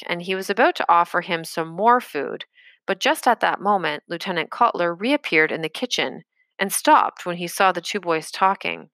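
A woman reading an audiobook chapter in a measured storytelling manner. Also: lowish voice, pushed and bright, no echo. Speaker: audiobook narrator. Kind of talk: scripted narration.

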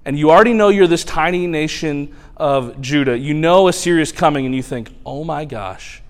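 Animated male preacher in a reverberant hall. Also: fairly high pitch, fairly quick, clear, resonant tone. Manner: animated storytelling, colloquial. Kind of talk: sermon.

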